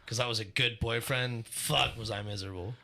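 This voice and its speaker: A man with a very bright voice trades crude, blunt jokes on a casual podcast. He swears freely and talks in a loose, rambling way. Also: medium pitch, fairly even intonation, a little fast, creaky. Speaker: podcast co-host. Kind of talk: casual comedic chat.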